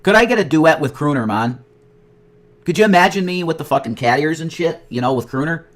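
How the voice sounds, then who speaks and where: A man ranting in a casual livestream, profane and excitable, jumping between loud outbursts and muttered asides. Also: on the high side, brisk, over music. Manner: profane, excitable, nostalgic rambling. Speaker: streamer. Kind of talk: rambling casual livestream chat.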